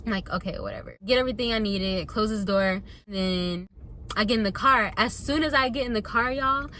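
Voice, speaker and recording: A young woman vlogger telling a casual storytime to her viewers, animated and chatty, calling them y'all. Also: fairly high pitch, moderate pace, a little hiss or hum.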